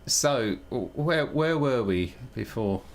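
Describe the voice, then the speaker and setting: A man's voice: mid-range voice, expressive, slow pace. A man chatting casually on a live stream while he programs, thinking aloud, joking at his own expense and switching between English and Italian. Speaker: live streamer coding on air.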